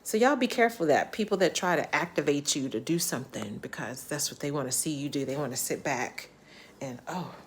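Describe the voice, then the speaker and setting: A woman's voice: deep voice, a little fast, slight background noise. Chatty woman vlogger telling a story. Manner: chatty, animated, laughs often. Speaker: travel vlogger. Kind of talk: casual storytelling vlog.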